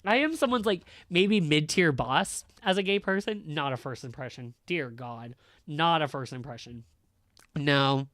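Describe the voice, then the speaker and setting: Casual ranting teacher, man, smooth clear voice, dry close sound, candid and profane. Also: a little high, unhurried, fairly bright tone, no room sound. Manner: candid, blunt and profane, filler-heavy. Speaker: high school teacher.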